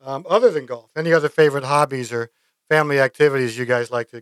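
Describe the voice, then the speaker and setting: A man hosts a podcast interview with easy, upbeat chat and plenty of praise for his guest. His voice is smooth and clear, recorded close and dry. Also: mid-range voice, fast, no room sound. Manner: warm, enthusiastic praise, friendly chat. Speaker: podcast host. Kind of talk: casual interview.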